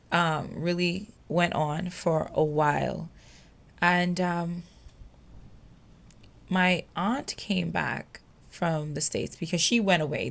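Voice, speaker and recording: Slow, low-voiced woman telling her story. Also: creaky, fairly bright tone. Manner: emotional, halting, many fillers. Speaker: podcast host. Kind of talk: personal storytelling.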